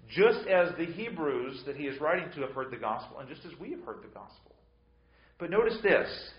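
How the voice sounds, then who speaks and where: A man preaching a sermon as pastor. He swings between loud and soft and often repeats words as he restarts a phrase. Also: mid-range voice, animated, a little fast. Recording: roomy, slightly dull sound.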